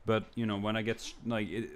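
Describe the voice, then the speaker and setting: A man's voice: fairly even intonation, quick pace. A young man streamer venting in a rambling, frustrated way, swearing and stammering through restarts. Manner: jumps to high, loud mimicking when quoting others.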